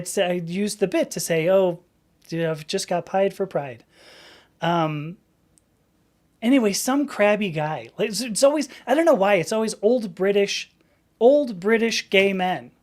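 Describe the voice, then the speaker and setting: A woman in her fifties hosting a casual live stream. She rambles as she reads the chat, restarts her sentences often and laughs easily. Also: mid-range voice. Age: 50s. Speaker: livestream host.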